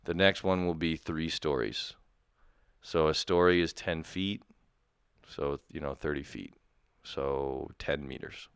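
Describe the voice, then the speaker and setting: Profane ranting man with a low voice. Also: slow, a bit bright, clear, resonant tone, no echo, studio quality. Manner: exasperated, profane, mock-outraged ranting. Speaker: podcast host. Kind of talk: comedic rant.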